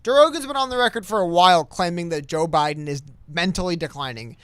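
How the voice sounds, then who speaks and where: A man's voice: high voice, lively intonation, fast talker, fairly bright tone, clean tone, dry recording. A man co-hosting a casual political chat over a call, rambling and reading quotes aloud with many restarts. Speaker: podcast co-host. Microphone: webcam call mic.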